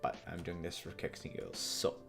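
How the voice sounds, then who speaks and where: A man's voice: low voice, a little fast, vocal fry, music in the background. A man live-streaming as he codes, rambling and joking as he thinks aloud. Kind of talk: casual live-coding stream.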